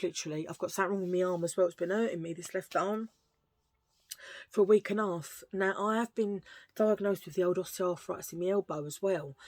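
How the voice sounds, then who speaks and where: Middle-aged woman nattering on a vlog, lowish voice, goes off on tangents, dry close sound. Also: a little mellow, no echo. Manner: rambling, storytelling, self-mocking. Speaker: vlogger. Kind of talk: casual chatty haul vlog.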